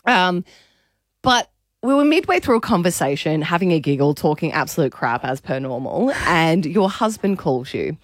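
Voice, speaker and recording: Woman radio co-host, chatty storyteller, very lively pitch, dry studio sound. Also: normal speed, no echo. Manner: chatty storyteller, animated retellings. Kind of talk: casual breakfast radio banter.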